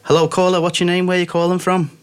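A man's voice: high-pitched, monotone, fast, clean tone. A man hosting a radio call-in show, chatting casually and joking with a caller. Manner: chatty, jokey, swears lightly. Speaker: radio host.

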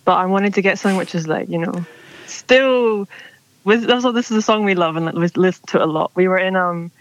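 A woman's voice: mid-range voice, fairly quick. A woman calling in to a radio show, chatting casually and rambling with lots of fillers, heard over a phone line. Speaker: caller. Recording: dull dry phone line.

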